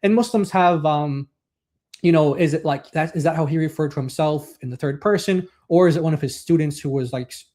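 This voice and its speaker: A man with a somewhat high, mellow voice talks through a text in casual discussion. He rambles with many fillers and slows down when he reads quotes aloud. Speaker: co-host.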